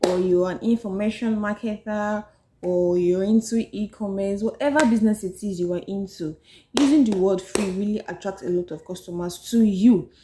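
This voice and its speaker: Nigerian woman, casual vlogger, mid-pitched and conversational, recorded in a roomy space with faint background hiss. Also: normal speed. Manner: chatty, repeats "so yes", talks to viewers directly. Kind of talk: casual book-summary vlog.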